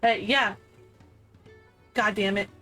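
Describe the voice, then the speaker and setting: A woman's voice: medium pitch, steady tone, slow pace, sharp tone, soft background music, low-quality recording. A young woman streaming a game, commenting live and swearing freely as she talks back at it.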